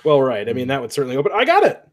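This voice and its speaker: A man's voice: mid-range voice, huge pitch swings, rapid-fire, a loud crowd. A man with a Minnesotan accent chatting casually on a livestream, laid-back and stammering at times.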